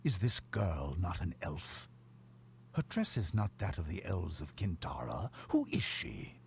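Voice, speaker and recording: A man's voice: sits low, big pitch swings, unhurried, creaky, a little hiss or hum, heavily acted. An actor playing a proud, wrathful old dwarf king in a video game, with a commanding, suspicious manner.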